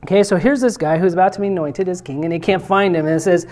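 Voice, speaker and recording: A man's voice: sits high, steady tone, quick pace, few pauses, a little mellow. A man from the United States preaching a casual sermon. He is chatty and self-deprecating and speaks straight to the audience.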